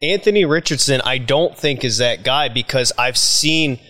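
A male podcast guest in a studio with a mid-range voice. He builds his argument point by point in relaxed sports chat and keeps talking to finish his case. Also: mid-range voice, normal speed. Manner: makes his case at length, persuasive.

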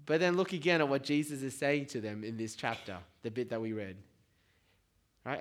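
A man preaching a sermon in a relaxed, conversational way, often checking in with the congregation. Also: mid-range voice, normal speed. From Australia. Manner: informal, keeps checking in with "right?".

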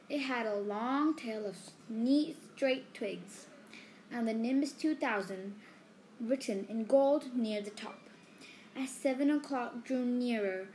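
A woman reading a storybook aloud, unhurried, with small slips. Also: on the high side, a little hiss or hum. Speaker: reader.

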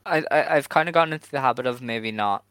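A man hosting a casual podcast chat, talking in a relaxed, hedging way with lots of fillers. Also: medium pitch, quick pace, clean tone, no echo, poor audio. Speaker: podcast host.

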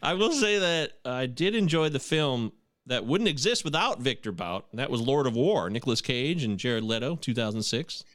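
Guy podcaster riffing, super lively voice, dry close mic, a bit high. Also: normal speed, dry recording. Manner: animated, profane banter. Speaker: podcast host. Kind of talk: casual chat.

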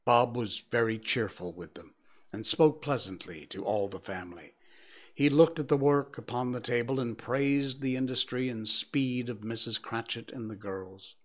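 A man reading a classic story aloud, measured and hushed in quiet passages. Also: mid-range voice. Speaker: narrator.

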